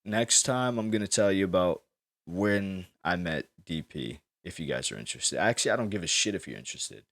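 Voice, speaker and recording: A man's voice: low voice, animated, brisk, a bit bright. A young man hosting a podcast, telling a story in loose, rambling, profane casual chat. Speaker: podcast host.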